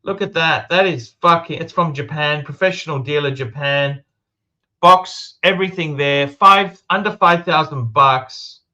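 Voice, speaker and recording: Male livestream host, high bright voice, chatty and profane. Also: a little slow, dull audio. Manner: swears freely, enthusiastic about watches. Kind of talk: casual livestream chat.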